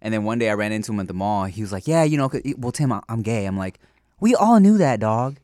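A man's voice: fairly low pitch, very fast, a little mellow, no echo, studio quality. A man co-hosting a podcast, chatting casually with blunt, profane banter. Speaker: podcast co-host. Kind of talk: casual chat.

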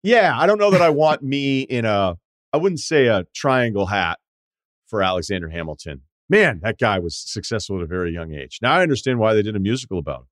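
A man's voice: lowish voice, lively intonation, fairly quick, no echo. A man hosting a casual podcast, reading a listener email aloud and riffing on it with wry, profane asides. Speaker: podcast host.

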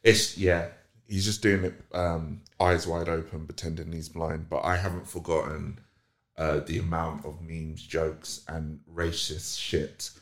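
A man co-hosting a casual podcast chat, emphatic and animated, swinging into loud mocking voices. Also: rumbling low, unhurried, echoey room. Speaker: podcast co-host.

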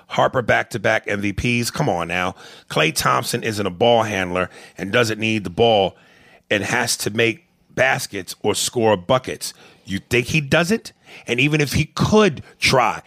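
A man's voice: mid-range voice, bright, forceful tone, dry recording, studio quality. A man hosting a podcast, reading listener messages aloud and arguing basketball in blunt, profane casual chat. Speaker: podcast host.

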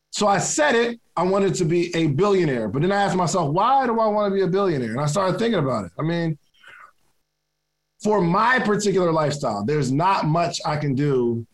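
A man giving a casual motivational talk, talking conversationally, repeating key questions and laughing at himself. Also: fairly high pitch. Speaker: motivational speaker.

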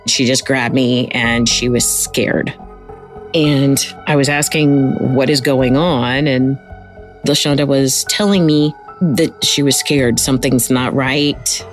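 A woman speaks in an interview as a close family friend, earnestly recalling a worrying night. Her voice is low and her pace unhurried. Faint music plays beneath her. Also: steady tone. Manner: earnest retelling with quoted dialogue. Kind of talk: recounted personal story.

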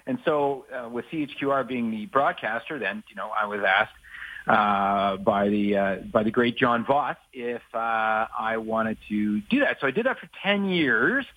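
A man's voice: medium pitch, animated, unhurried, bright, forceful tone, no room sound, poor audio. A man from Saskatchewan co-hosting a sports radio show, telling rambling anecdotes full of fillers and restarts. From Saskatchewan, Canada. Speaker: sportscaster co-host. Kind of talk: casual radio chat, storytelling.

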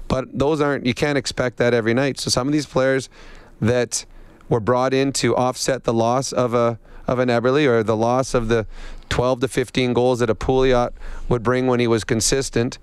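Male studio analyst, smooth clear voice, dry close sound, measured delivery. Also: medium pitch, dry recording. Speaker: sports radio analyst. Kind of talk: sports talk analysis.

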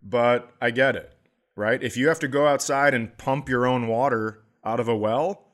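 A man's voice: mid-range voice, moderate pace. Rambling comedic storyteller man. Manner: rambling storyteller, animated impressions. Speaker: podcast co-host, comedian. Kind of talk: casual comedic chat.

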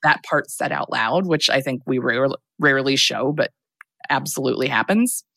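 Casual podcast host, young woman, low and dry, rambles through a film recap with lots of fillers. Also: moderate pace, vocal fry, a bit bright, dry recording.

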